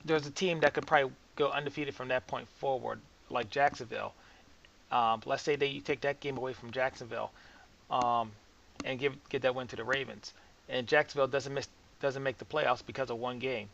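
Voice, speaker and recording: A man's voice: mid-range voice, steady tone, brisk, gravelly, fairly bright tone, highs cut off, slight background noise. A man giving casual, sarcastic football commentary on his own channel, rambling with lots of fillers. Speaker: sports commentary vlogger.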